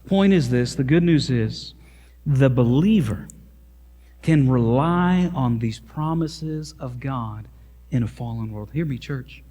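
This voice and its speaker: A man from Missouri with a Missouri accent preaching a sermon as pastor, earnest and emphatic, becoming lively in his asides. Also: medium pitch, slow. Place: church sanctuary. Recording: long church reverb.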